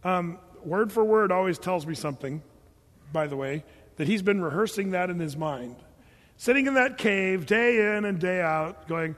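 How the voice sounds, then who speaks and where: A man's voice: high-pitched, expressive, moderate pace, fairly bright tone. A man preaching a sermon, joking and acting out the voices he quotes. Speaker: pastor. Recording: long hall reverb.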